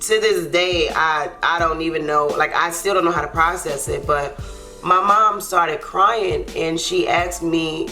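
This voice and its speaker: A young woman with a slightly low voice tells a heartfelt storytime, earnest and unpolished, dotting her talk with casual fillers. Soft music plays faintly underneath. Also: measured pace. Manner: earnest, heartfelt, loose with fillers like "like" and "you know". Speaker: YouTube co-host. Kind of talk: emotional storytime.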